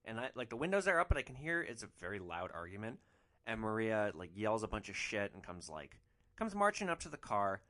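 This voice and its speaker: A man hosting a podcast, telling a rideshare anecdote in a casual, animated way with casual swearing. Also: on the low side, brisk. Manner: animated, swearing, frequent "like" fillers. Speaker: rideshare driver podcast host.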